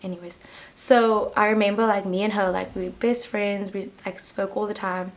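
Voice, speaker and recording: A woman's voice: mid-range voice, steady tone, moderate pace. A woman with a South African accent giving a casual pick-a-card tarot reading, talking in a chatty, rambling way and leaning on "like". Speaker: tarot reader.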